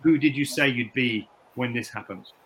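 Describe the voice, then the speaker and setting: Middle-aged man from the UK, personal trainer, interview guest; bright, clear tone, reflective and halting. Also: medium pitch, a little hiss or hum. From United Kingdom. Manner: reflective, repeats words and restarts often. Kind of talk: candid interview conversation.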